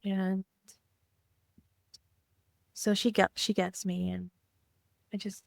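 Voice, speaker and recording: A woman co-hosting a podcast, speaking softly and reflectively in casual heartfelt chat. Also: medium pitch, level tone, takes it slowly, creaky, no room sound, studio quality. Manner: reflective, soft-spoken, many fillers. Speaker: podcast co-host.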